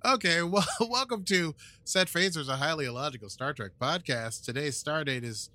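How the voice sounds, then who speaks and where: A man hosts a casual podcast in a bright, forceful voice. He jokes around, laughs easily and then settles into recapping an episode. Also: a little high, moderate pace. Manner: playful, jokey, laughs often. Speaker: podcast co-host.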